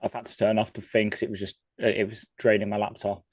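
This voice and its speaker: A man's voice: on the low side, little pitch movement, fast talker, no echo. A man co-hosting a live reaction stream, chiming in with dry, laid-back remarks. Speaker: stream co-host. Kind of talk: casual live reaction chat.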